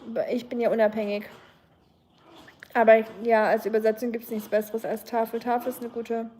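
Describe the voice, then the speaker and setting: A young German woman with a German accent hosts a livestream, casually chatting and reading viewer comments. Her voice is a little high, dark and husky, with little pitch movement and a brisk pace, and she hesitates with many ums.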